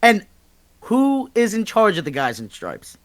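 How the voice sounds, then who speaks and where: A man co-hosting a sports podcast, ranting passionately and emphatically, with swearing and bursts of near-shouting. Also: high voice, wildly swooping pitch, a little slow. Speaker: podcast co-host. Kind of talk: heated sports talk rant.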